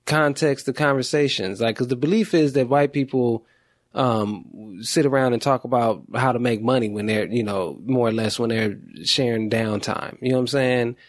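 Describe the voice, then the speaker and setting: A man's voice: mid-range voice, dry recording, clean studio sound. Curious man hosting a podcast interview. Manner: curious, inquisitive, laughs easily. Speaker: podcast host.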